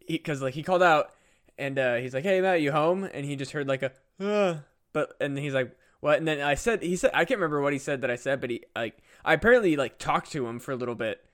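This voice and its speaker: A man's voice: fairly high pitch, a bit bright. A young man, a podcast co-host, telling a casual story with lots of fillers and swearing. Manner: rambling, profane, many fillers.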